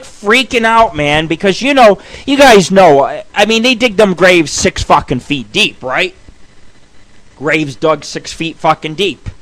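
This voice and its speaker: A man rambles through profane tales on his radio show. His voice sits high and bright, and he swears nonstop as he talks. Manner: crude, rambling, heavy swearing. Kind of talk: profane storytelling monologue.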